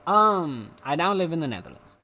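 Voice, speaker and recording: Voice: medium pitch, big pitch swings, normal speed, sharp tone. A young adult streamer with a slight South African accent, chatting casually and rambling between topics with frequent giggles. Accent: slight South African, between British and American. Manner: giggly, rambling, easily sidetracked. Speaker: live streamer.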